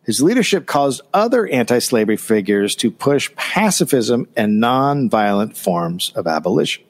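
A man reads history aloud in a casual comedic podcast. His pitch swings widely as he goes. He breaks off the text for dry, sarcastic commentary. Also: very animated, moderate pace. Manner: reads notes, then riffs with dry sarcasm. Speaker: podcast co-host reading history.

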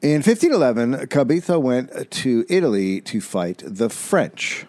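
A man's voice: mid-range voice, very animated, unhurried, darkish tone, no echo. A man co-hosting a comedy podcast, loosely retelling history with swearing. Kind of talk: casual storytelling.

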